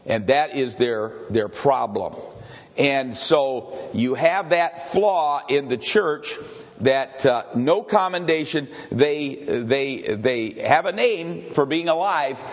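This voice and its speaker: A man's voice: medium pitch, expressive, takes it slowly. Older man preaching in a reverberant hall. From Grand Rapids, Michigan. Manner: rambling, digressive, repeats himself, chuckles. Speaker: pastor leading a Bible study. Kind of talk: conversational sermon with questions to the congregation. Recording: dull recording with long hall reverb.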